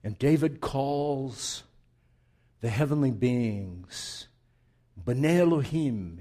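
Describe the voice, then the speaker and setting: A man preaching a sermon, moving between hushed, reflective asides and loud, emphatic build-ups, repeating phrases for emphasis. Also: medium pitch, lively intonation, very slow, pauses often.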